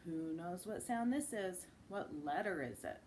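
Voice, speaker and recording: A woman teaching a children's phonics lesson. She models each sound slowly and with exaggeration, and breaks into sing-song chants. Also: fairly low pitch, animated, a little mellow, slight background noise. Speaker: speech and language teacher.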